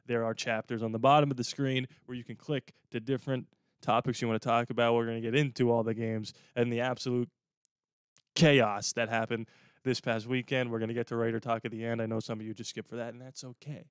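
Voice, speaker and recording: Smooth-voiced male podcast host. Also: medium pitch, level tone, fast, dry recording, clean studio sound. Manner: jokey, breaks into a mock radio voice. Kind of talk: casual sports podcast chat.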